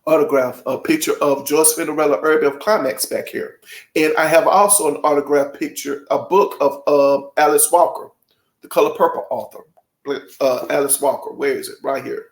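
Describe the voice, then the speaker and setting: A man's voice: a little high, fairly even intonation, moderate pace. A man hosting his own channel, chatting casually and emotionally with viewers in a gushing, folksy way. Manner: folksy, addresses viewers directly. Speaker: channel host. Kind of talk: casual vlog chat to viewers.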